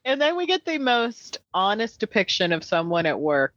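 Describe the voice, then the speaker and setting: A woman's voice: mid-range voice, big pitch swings, normal speed, a bit bright, no room sound, dull audio. A woman co-hosting a casual podcast, joking and laughing as she recaps a TV episode and playfully quotes characters. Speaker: podcast co-host.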